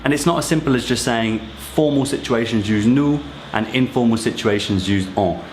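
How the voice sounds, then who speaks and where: A man's voice: mid-range voice, moderate pace, a little hiss or hum. A man teaching everyday French phrases in a casual, explanatory way, speaking directly to viewers in a friendly, encouraging tone. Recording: echoey room.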